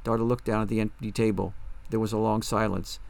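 A man narrating an audiobook in a calm, measured way. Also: fairly low pitch, vocal fry.

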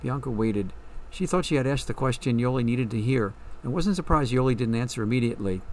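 A man's voice: medium pitch, a little fast, a little mellow, far from the mic, a little hiss or hum. A man reading a story aloud in a reflective storytelling way. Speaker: narrator. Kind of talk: scripted story narration.

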